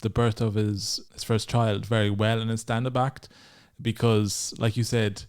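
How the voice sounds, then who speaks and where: A man's voice: fairly low pitch, little pitch movement, measured pace, a little mellow, clear, resonant tone. An Irish man hosting a casual podcast interview, chatting eagerly about comedy. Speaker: podcast host.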